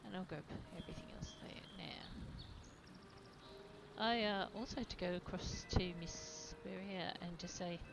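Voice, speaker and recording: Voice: medium pitch, moderate pace, gravelly, background noise. A gamer chatting casually and self-deprecatingly while playing a video game. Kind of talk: casual let's-play commentary.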